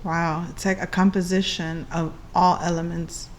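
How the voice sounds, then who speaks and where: With slight background noise, a woman speaks in a fairly low, level voice at normal speed. She's an astrology reader giving a casual reading, playful and talkative, laughing frequently and singing along.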